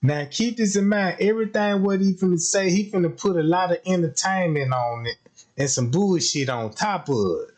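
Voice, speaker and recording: A man's voice: high-pitched, moderate pace, a little mellow. Hyped man reacting to a clip. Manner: hyped, slangy, profane, talks to his chat. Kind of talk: casual reaction commentary.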